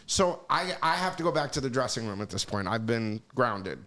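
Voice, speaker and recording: A man on a podcast telling casual stories in an animated, profane way, acting out the voices of people he quotes. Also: mid-range voice, moderate pace. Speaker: podcast guest. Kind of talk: casual storytelling.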